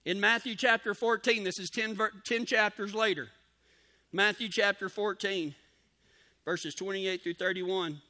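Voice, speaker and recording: A man's voice: sits high, fairly even intonation, measured pace, bright, forceful tone. A man preaching a sermon in a folksy, emphatic way, with cowboy slang and key phrases repeated for emphasis.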